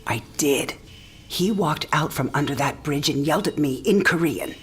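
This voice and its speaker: A woman's voice: deep voice, expressive, moderate pace, a little hiss or hum. An actress playing a dying old woman who talks frankly, teasing and tender by turns. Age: older. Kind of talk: game cinematic voice acting.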